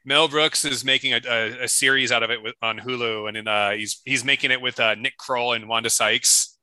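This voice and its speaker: A man co-hosting a casual podcast chat, rambling through stories with many restarts and animated quotes. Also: medium pitch, no room sound, low-quality recording. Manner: rambling storyteller, restarts, quick animated quoting. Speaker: podcast co-host.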